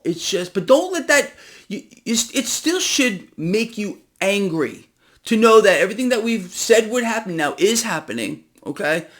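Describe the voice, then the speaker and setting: Agitated male finance vlogger, gravelly and a bit high-pitched, ranting with sarcastic punches. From United States. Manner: emphatic, ranting, sarcastic, rising to near-shouting. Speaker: finance commentator. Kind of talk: impassioned solo market commentary.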